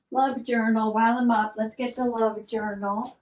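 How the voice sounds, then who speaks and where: A woman hosting a relaxed, chatty journaling vlog at her craft table, musing aloud with soft laughs. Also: fairly high pitch, normal speed. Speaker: journaling vlogger. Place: home craft table indoors. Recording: voice a little distant from mic.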